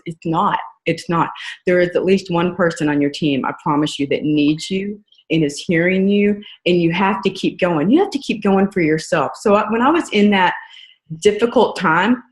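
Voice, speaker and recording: Earnest woman in an echoey room. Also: mid-range voice. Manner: earnest, conversational, often asks "right?". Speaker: guest speaker on a team call. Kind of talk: motivational talk.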